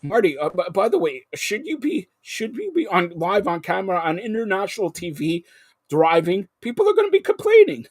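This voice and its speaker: A male host on a live sports talk show, excitable and jumping between topics with loud outbursts. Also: high-pitched, moderate pace, slightly rough, dry recording, clean studio sound.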